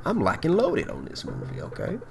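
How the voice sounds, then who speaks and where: Excitable man recapping a horror movie. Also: fairly high pitch, brisk, gravelly, background noise. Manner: animated, excitable retelling with many fillers and asides. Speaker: movie reviewer.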